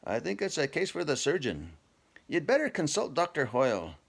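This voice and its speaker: A man's voice: a little high, wildly swooping pitch, moderate pace, gravelly, slightly rough, full character voice. A man voicing a fat, whiskered professor. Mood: amazed.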